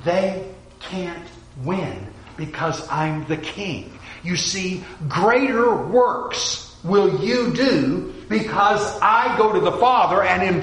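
Lively, high-voiced male preacher. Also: echoey room, poor audio. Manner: animated, acts out quoted voices with sudden drops to a hush. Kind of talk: sermon.

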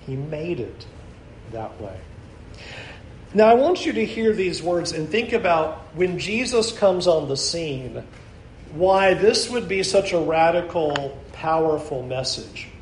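A man with a high, light voice preaches a sermon, leaning hard on key phrases and then going quiet for the most important ones. He sounds like he is in a large, roomy space with a faint hum behind him. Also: expressive. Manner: earnest preaching, slowing for emphasis and dropping soft at key lines. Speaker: pastor.

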